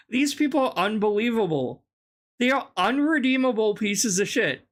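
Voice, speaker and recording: A woman giving an indignant, profane reaction commentary, her throat sore from yelling. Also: on the high side. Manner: profane, indignant, laughing ranting.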